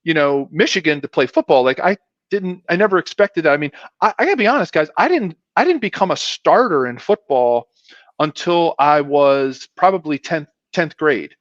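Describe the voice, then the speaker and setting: A middle-aged man tells old stories in a loose, self-deprecating ramble, circling back and restarting as he goes. His voice sits a bit higher than typical, and the sound is muffled and dull. The room gives no echo at all. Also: animated, normal speed. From South Philadelphia, US. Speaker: guest, former pro football player. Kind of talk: casual storytelling interview.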